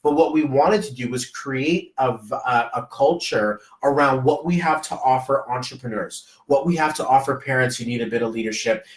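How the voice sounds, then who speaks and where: A man's voice: medium pitch, moderate pace, few pauses, far from the mic. A man hosting a casual live stream as a business coach, rambling and hypey, often slipping into quoted voices. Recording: echoey room, voice off-mic.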